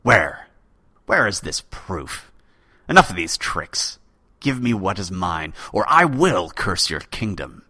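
A man's voice: low voice, very animated, slow, bright, forceful tone, slightly rough, no room sound, studio quality, full character voice. A man voicing a proud, spiteful old male chief poet who makes threats in indignant outbursts, reading from a storybook tale. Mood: scornful.

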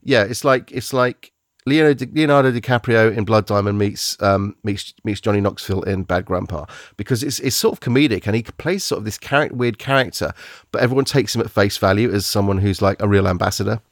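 Low, gravelly-voiced man chatting casually. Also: brisk, no echo, studio quality. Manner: rambling, restarts often, searches for words. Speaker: podcast host reviewing films. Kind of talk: casual chat.

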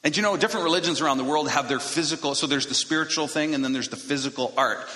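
A man preaching a sermon to his congregation in a casual, conversational way, with quick self-deprecating asides, speaking into a microphone. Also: a little high, sharp tone. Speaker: pastor. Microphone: handheld or stage microphone. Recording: echoey hall reverb.

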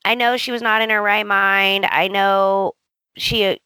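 Female co-host, mid pitch, unhurried, chatty and exclamatory, dry room. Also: fairly even intonation, pushed and bright, smooth, dry recording. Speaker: podcast co-host. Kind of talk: casual chat.

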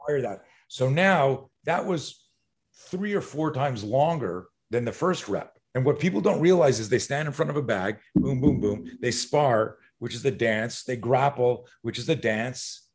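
A middle-aged man, a self-defense instructor, talking as a podcast guest in an animated, profane way, acting out fight scenarios. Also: medium pitch, unhurried.

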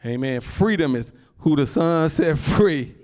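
A pastor preaching to his congregation, a man with a slightly high voice that swoops up and down with great liveliness. He speaks in a folksy, informal way, laughing often and calling out to the saints. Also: measured pace. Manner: animated preaching with laughs and call-outs to the congregation. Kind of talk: sermon.

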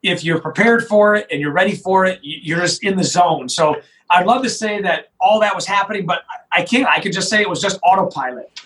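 A middle-aged man, a sheriff recounting a tense moment in an interview. His voice sits high for a man, and he talks with insistent emphasis, often doubling back on his own words. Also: brisk, rough recording. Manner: emphatic, animated retelling with restarts. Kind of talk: interview storytelling.

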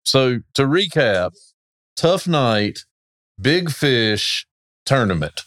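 A man co-hosting a podcast, talking in a calm, casual way. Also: medium pitch, extremely slow, dry recording. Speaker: podcast co-host. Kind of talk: casual chat.

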